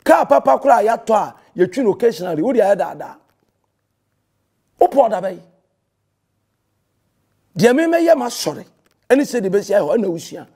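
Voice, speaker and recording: A man's voice: sits high, big pitch swings, moderate pace, long pauses, mellow. A Ghanaian man, a pastor, delivering a heated and confrontational rebuttal that scolds a rival and mixes in English phrases.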